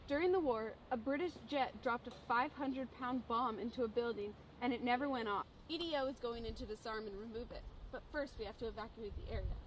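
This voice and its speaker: Woman acting as a military sergeant, brisk and commanding, high voice, indie film. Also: a little hiss or hum, close to an everyday voice, rough recording. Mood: briefing. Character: gruff army sergeant giving orders.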